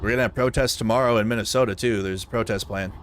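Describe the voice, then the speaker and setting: Man, low voice, blunt profane live-stream news commentary, faint background noise. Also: steady tone, quick pace, a bit bright. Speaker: livestream news host.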